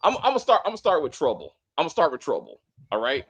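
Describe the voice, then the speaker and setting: A man co-hosting a casual TV review chat, animated and profane, acting out scenes and apologizing for his tangents. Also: a little high, rapid-fire, slightly rough. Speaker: co-host of a TV review show.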